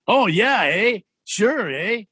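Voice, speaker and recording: A man's voice: high-pitched, sing-song, takes it slowly, sharp tone, breathy edge, no room sound. A man co-hosting a radio talk show, chiming in with short banter and mock Canadian interjections.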